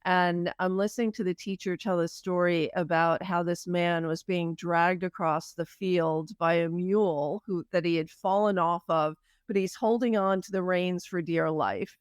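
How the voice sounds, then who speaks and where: A woman's voice: on the low side, fairly even intonation, moderate pace, few pauses, clean tone, no echo, clean studio sound. A woman hosting a podcast interview, talking in a reflective way and asking long, open questions. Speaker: podcast host. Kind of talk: conversational interview.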